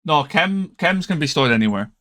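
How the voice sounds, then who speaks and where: A man's voice: a little high, lively intonation, moderate pace, pushed and bright. A tired man streaming a strategy game, thinking aloud with hesitant, trailing casual commentary. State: tired, yawning.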